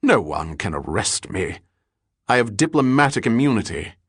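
Man reading an imperious, blustering diplomat, low and dry. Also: big pitch swings, normal speed, fairly bright tone, slightly rough, no echo, exaggerated voice. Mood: haughty, uneasy. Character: haughty male diplomat, evasive and nervous.

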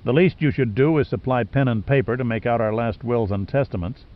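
A man voicing a hard-bitten adventurer hero who speaks low, quiet and biting. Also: brisk, dull audio, lightly acted. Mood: grim sarcasm.

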